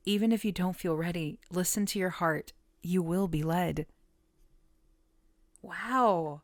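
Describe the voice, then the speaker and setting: A woman giving a casual tarot reading, soft-spoken and musing, often trailing off and starting her thoughts over. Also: on the low side, moderate pace, dry recording. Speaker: tarot reader.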